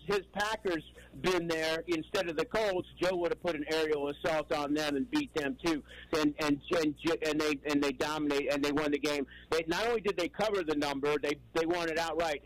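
Older male caller from New York, slightly high voice, rambling and emphatic, heard over a radio call-in line. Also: no room sound, low-quality recording. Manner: rambling, emphatic, repeats himself.

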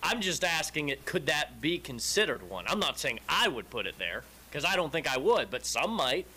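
A man's voice: a little high, sing-song, normal speed, bright, forceful tone, slightly rough. A man co-hosting a radio show, asking tentative, hesitant questions in casual banter. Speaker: radio co-host.

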